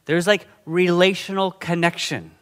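A middle-aged man preaching a sermon in a conversational, animated way, often checking in with his listeners. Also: high voice, normal speed, smooth. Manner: conversational, animated, frequent "okay?" and "right?" check-ins. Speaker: pastor.

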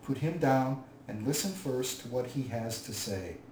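A man voicing a calm, commanding old wizard who speaks slowly and deliberately. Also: mid-range voice, lightly acted. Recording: roomy, distant mic, faint hiss.

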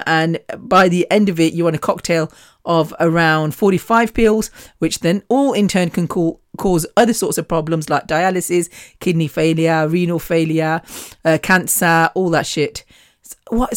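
A woman's voice: sits low, normal speed, dry recording, studio quality. A woman hosting her own podcast, talking bluntly and defiantly in a chatty monologue, laughing often. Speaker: podcast host. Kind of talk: casual monologue.

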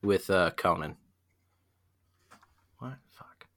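Low, slow-talking man hosting. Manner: relaxed, swears freely, explains with fillers. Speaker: podcast host. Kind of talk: casual chat.

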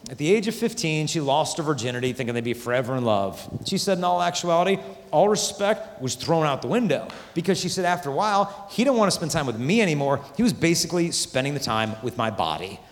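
A man giving a youth conference talk, animated and acting out voices of the people in his stories. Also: on the high side, fast. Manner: animated, acts out quoted voices. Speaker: Catholic speaker. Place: large conference hall. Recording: hall reverb from a large venue.

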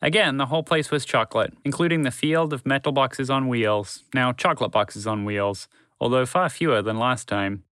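A man host narrating a children's story podcast in a clear, steady, friendly read. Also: mid-range voice, moderate pace, no room sound, clean studio sound.

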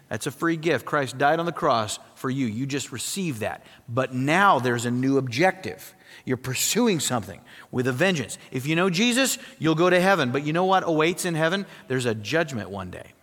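A man preaching a sermon as pastor, animated and emphatic, often throwing rhetorical questions at the congregation. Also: sits high. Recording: long reverb of a large hall.

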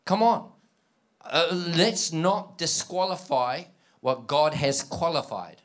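A man preaching a sermon to a live congregation, animated, acting out scripture dialogue and prompting listeners with call-and-response. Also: fairly high pitch, slow. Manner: acts out quoted dialogue in scripture.

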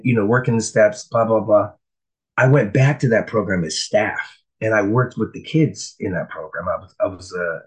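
A man telling his recovery story in a casual, profane, animated way. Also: medium pitch, low-quality recording. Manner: profane, animated, acts out voices in quotes. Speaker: speaker sharing a recovery story.

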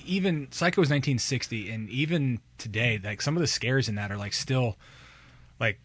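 A man's voice: mid-range voice, moderate pace, slightly rough, no room sound. A man co-hosting a podcast, chatting casually about movies in a rambling way. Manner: rambling, with many fillers and restarts. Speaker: podcast co-host.

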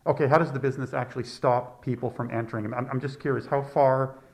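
Gravelly, slightly muffled male podcast host. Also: mid-range voice, steady tone, fast. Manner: chatty, wry, conversational. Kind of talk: podcast narration and interviewing.

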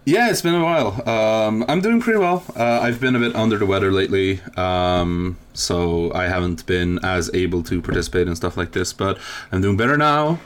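A man appearing as a guest on a casual podcast, soft-spoken and hesitant. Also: deep voice, expressive, normal speed, few pauses.

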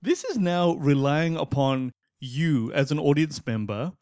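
A man co-hosting a film review podcast in casual chat, opinionated and animated, laughing often. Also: fairly high pitch, measured pace, no room sound, clean studio sound.

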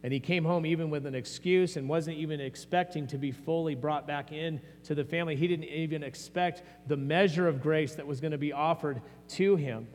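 A man's voice: fairly high pitch, fairly even intonation, fairly quick, hardly any pauses, a little mellow. A man preaching a sermon as pastor, earnest and conversational, often restarting his phrases. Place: church sanctuary. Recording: long hall reverb, faint mains hum.

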